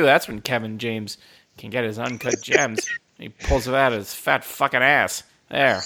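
A man's voice: medium pitch, wildly swooping pitch, slow, gravelly, bright, forceful tone. A young man co-hosting a casual film chat, ranting with lots of swearing and frequent laughter. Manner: profane ranting, laughs often. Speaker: podcast co-host.

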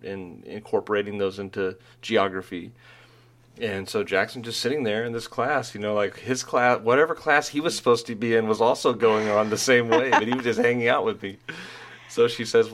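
A man's voice: on the low side, fairly bright tone. A middle-aged man telling rambling school stories in casual chat, laughing at his own jokes.

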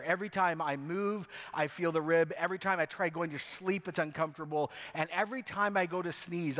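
A man from Canada with a slightly higher-pitched voice, preaching with a wry, self-mocking storyteller's touch. His conversational sermon carries a long reverb that lingers through a large church hall. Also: fairly bright tone. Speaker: co-lead pastor. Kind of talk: sermon with humorous personal story.

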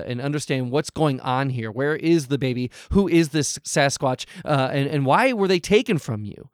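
A man's voice: medium pitch, dry recording, studio quality, lightly acted. A man playing the host of an advice show, stammering and hesitant but trying to stay polite, in an improvised comedy. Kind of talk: improvised comedy role-play.

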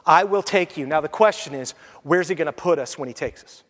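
A male pastor delivers a sermon, reading scripture and telling animated stories before dropping into quiet, earnest appeals. His voice sits high for a man. The sound carries a long reverb, as if from a large church hall. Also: fairly quick.

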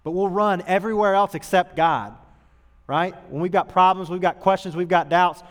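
A man preaching as a youth pastor in a church auditorium, talking in a casual, earnest way that moves from loud emphasis to hushed tones. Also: high voice, normal speed. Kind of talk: sermon to youth group. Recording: long hall reverb.

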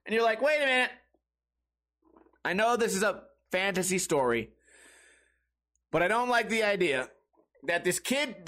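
A man's voice: high-pitched, bright, forceful tone. A man hosting a solo comedy podcast, rambling in a profane, sarcastic way and slipping into mocking quoted voices. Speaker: podcast host.

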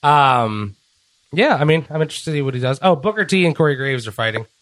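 A man's voice: a little high, animated, fast talker, a bit bright, no room sound, studio quality. A man co-hosting a casual wrestling podcast, laid-back and joking, swearing freely. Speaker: podcast co-host.

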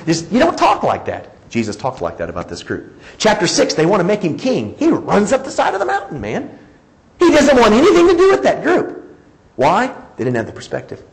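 Male pastor, animated sermon delivery, slightly high voice with lively swings in pitch, slips into voices for quoted lines. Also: fairly quick, rough recording. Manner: animated, acts out quoted dialogue, chuckles often.

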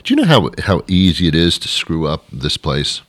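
A man's voice: extremely low pitch, big pitch swings, moderate pace, a bit bright, dry recording. A man co-hosting a casual chat, dry and wry and poking fun at his own cynicism.

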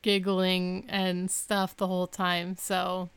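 Female podcast co-host, strikingly smooth and clear voice, dry close sound; chatty with quick wry jokes. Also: on the low side, monotone, fairly bright tone, no echo. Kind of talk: casual chat recapping TV episodes.

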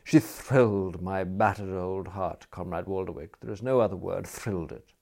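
A man voicing a genial gentleman of leisure who speaks in cordial, ornate, mock-solemn phrases. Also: sits low, moderate pace, vocal fry.

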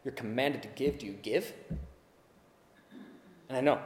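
A man preaching a sermon as pastor, earnest, swinging from hushed, slow asides to loud shouted urging. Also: medium pitch, roomy sound, big-room sound.

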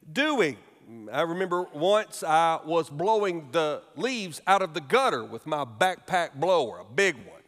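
A middle-aged man preaching a sermon as pastor, telling humorous stories with animated delivery in a church sanctuary. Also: high-pitched. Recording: long reverb of a large hall.

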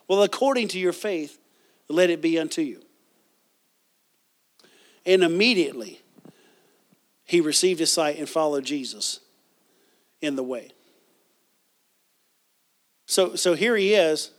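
Pastor guy preaching a sermon, kinda high voice, lots of restarts and questions to the crowd. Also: animated, measured pace, pauses often, fairly bright tone.

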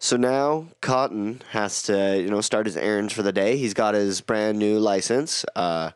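A man's voice: fairly low pitch, measured pace, smooth, no echo, studio quality. A man co-hosting a podcast, casually recapping a cartoon episode and joking with friends. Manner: laid-back storytelling with swearing and laughs. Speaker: podcast co-host.

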